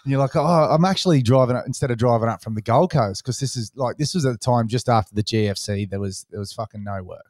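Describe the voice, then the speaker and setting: A man's voice: mid-range voice, fast talker, hardly any pauses, no echo, clean studio sound. An Australian man in his thirties hosting a podcast, telling stories in loose, sweary chat and acting out other people's lines. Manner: swears freely, animated retelling with put-on voices. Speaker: podcast host. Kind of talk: casual storytelling chat.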